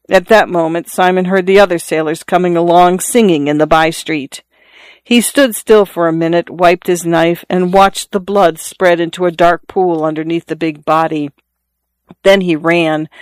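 Measured literary story reader. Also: medium pitch, clean tone, no echo. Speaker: narrator. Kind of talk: audiobook reading of a literary story.

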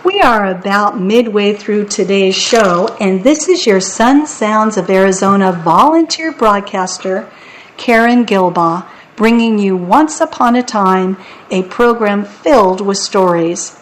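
A woman reading children's stories aloud as a volunteer radio storyteller, in a gentle, deliberate way. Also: medium pitch, a little hiss or hum, rough recording.

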